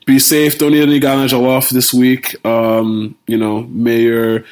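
A man co-hosting a casual podcast, playful and jokey, who slows down to spell things out. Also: mid-range voice, completely flat delivery. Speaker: podcast co-host.

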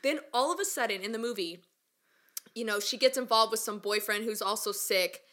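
High bright-voiced animated woman. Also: a little fast. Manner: animated storyteller, laughs often, acts out quotes. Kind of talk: casual chat.

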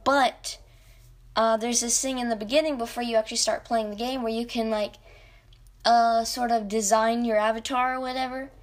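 A young woman telling a rambling, animated story about a video game as a podcast host. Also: fairly high pitch, moderate pace. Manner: rambling, animated, self-interrupting. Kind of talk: casual storytelling.

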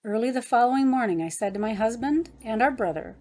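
A woman reading a devotional novel aloud as an audiobook narrator, in a gentle, devout manner. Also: a little high, expressive, fast talker. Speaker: audiobook reader. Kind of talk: scripted narration.

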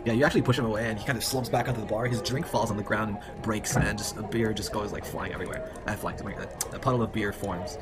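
A man narrating a tabletop game as game master, quickly and with many fillers. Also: fairly low pitch, steady tone, loud music behind the voice.

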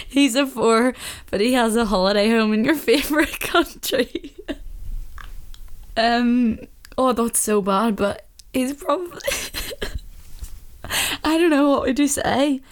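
A woman's voice: fairly high pitch, unhurried. A young woman from Northern Ireland with a Northern Irish accent, chatting casually and with strong opinions, laughing often and sometimes dropping into a whisper. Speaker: vlogger. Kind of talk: casual chat.

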